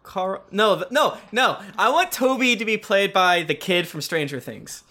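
A man's voice: sits high, lively intonation, normal speed, bright, forceful tone. A man chatting casually as a game master on a podcast, rambling and searching for names as he goes.

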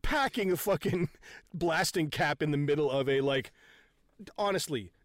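A man in casual chat about a comedy film, laughing often, swearing and jumping in with quick reactions. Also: fairly high pitch, no echo. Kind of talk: casual movie recap chat.

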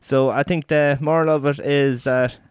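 A man's voice: fairly high pitch, fairly even intonation, moderate pace, smooth, dry recording, studio quality. A man co-hosting a podcast, telling a story in a rambling way with many fillers and laughing at his own slips. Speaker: podcast co-host. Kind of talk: casual chat and storytelling.

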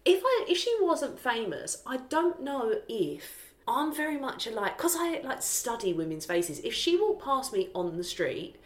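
A woman's voice: on the high side, sing-song, unhurried, few pauses, echoey room. A woman, co-hosting a podcast, gushing in casual chat and swearing freely. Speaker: podcast co-host.

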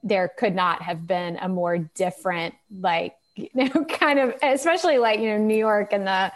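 A woman novelist from the American South who tells stories in an animated, chatty way, often filling her sentences with "like". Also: medium pitch, moderate pace. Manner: animated storytelling, chatty, many "like"s. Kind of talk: casual conversation about writing.

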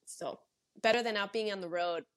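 A young adult woman from Los Angeles, a podcast guest telling running stories in casual conversation, bubbly and animated with frequent laughter. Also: mid-range voice, fairly quick.

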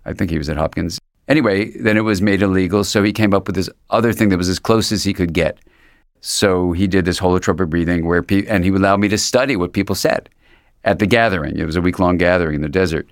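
This is a reflective interview with a psychiatrist as the guest: a man with a low voice who talks fast, musing in a meandering way and often starting over. The audio is clean studio sound, free of echo.

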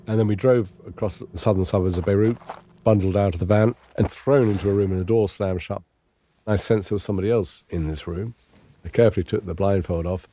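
An English man recounting a long ordeal in measured, understated, wry first-person testimony. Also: low-pitched, warm tone, slight background noise. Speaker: interviewee recounting his captivity.

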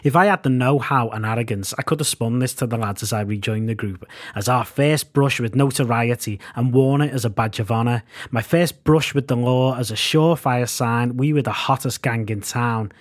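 A man's voice: medium pitch, normal speed, hardly any pauses. A man, reading his own band memoir in a wry, self-mocking way. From Liverpool, England. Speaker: podcast host and narrator. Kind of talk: scripted memoir narration.

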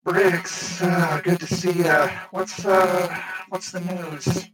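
A man's voice: high-pitched, little pitch movement, slow, fairly bright tone, voice pushed up, poor audio. A man voicing a dim, obedient one-eyed male boxer with a peg leg, speaking hesitantly. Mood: meek. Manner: hesitant, meek, stammering.

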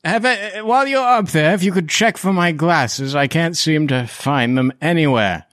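A man's voice: a little high, moderate pace, fairly bright tone, no room sound, pitched above the performer's own voice, natural voice. A man voicing a doddering, fussy old male monster hunter who has lost his glasses, in a tabletop game.

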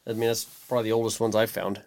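Low gravelly-voiced man, laid-back. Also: little pitch movement, rapid-fire, darkish tone. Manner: laid-back, wry, trailing off. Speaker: podcast co-host. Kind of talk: casual chat.

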